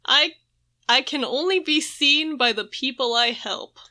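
High bright woman retelling a comic. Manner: retells scenes with quick voiced quotes, laughs often, swears casually. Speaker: podcast co-host. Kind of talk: casual chat, recapping a comic.

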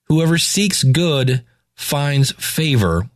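Guy reading bible verses then riffing on them casual, kinda high voice, dry sound. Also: animated, extremely slow, no echo. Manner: reads scripture aloud then paraphrases in slangy asides.

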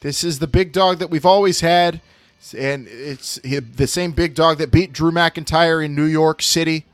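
A man co-hosting a casual wrestling podcast, loud and excitable, repeating catchphrases. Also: fairly high pitch, moderate pace, no room sound. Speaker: podcast co-host.

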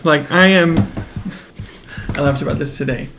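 A man's voice: on the high side, normal speed, crowd noise. A man co-hosting a casual chat, dropping dry jokes and short comebacks. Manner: dry quips and short interjections. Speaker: podcast co-host.

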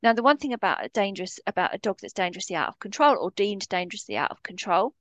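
A woman's voice: medium pitch, big pitch swings, fast talker, fairly bright tone, no echo. Blunt, impassioned woman dog behaviourist. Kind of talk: podcast interview.

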